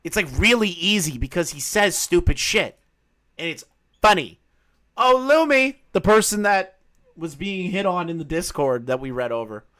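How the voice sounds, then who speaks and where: A man commenting casually on a live stream, excitable and mocking, with bursts of shouting. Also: high voice, moderate pace.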